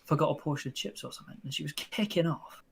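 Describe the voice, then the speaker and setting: A young man with a British accent, co-hosting a casual podcast, telling animated stories and acting out customers' lines. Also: a little high, fast, gravelly, a little hiss or hum. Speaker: podcast co-host. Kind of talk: casual chat.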